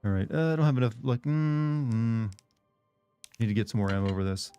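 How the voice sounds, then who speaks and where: A man hosting a game stream, casually commenting as he plays and talking his thinking out loud. His voice is warm and mellow at a middle pitch. Faint music runs in the background. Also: brisk. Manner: relaxed, chatty, thinking aloud.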